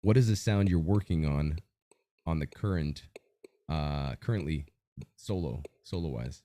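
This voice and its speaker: A man hosting a podcast interview over a video call, with an energetic, announcer-like delivery. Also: a bass voice, unhurried. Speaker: podcast host. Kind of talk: hype-style interview hosting.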